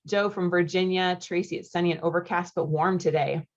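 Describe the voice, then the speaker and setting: A chatty, upbeat American woman in her thirties hosts a live online coaching class over a computer mic, greeting viewers from the chat. Her voice sits a little low, and the webinar audio is dull and lo-fi. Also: fairly even intonation. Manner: chatty and upbeat, with quick laughs and friendly asides. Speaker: marriage coach hosting a live online masterclass. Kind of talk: live webinar, reading chat comments aloud.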